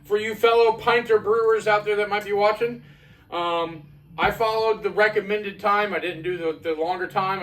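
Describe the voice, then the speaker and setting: A man's voice: high voice, fairly bright tone. A man reviewing his own homebrewed beer in a casual chatty video, rambling with fillers and restarts.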